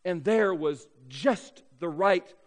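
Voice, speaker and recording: Male pastor mid-sermon, high lively voice, big church sanctuary with long reverb. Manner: emphatic, drawn-out key words. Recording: long reverb of a large hall.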